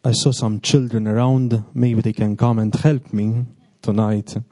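A man who is a priest with a non-native English accent. He reads a gospel passage, then gently questions children, ending his sentences with tag words. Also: fairly low pitch, flat delivery, measured pace, no echo. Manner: gentle, coaxing, repeats questions, ends with "no?" and "okay?".

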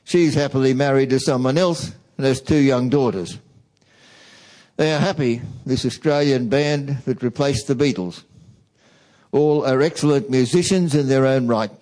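A man giving a reflective talk to a church audience, speaking in a slow, measured way. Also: mid-range voice, darkish tone, rough recording. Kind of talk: reflective talk, reading song lyrics aloud.

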